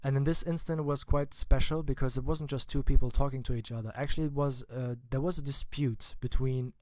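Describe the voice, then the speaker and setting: A man's voice: mid-range voice, steady tone, brisk, a little mellow, no room sound, clean studio sound. A man giving a casual spoken film review, chatty and informal with wry asides. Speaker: film vlogger.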